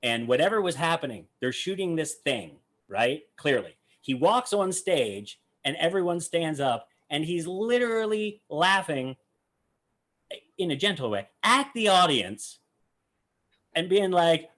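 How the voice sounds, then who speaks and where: Animated man reacting to a magic clip. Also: on the high side, normal speed. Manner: animated, acts out quotes, searches for words. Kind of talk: casual reaction chat.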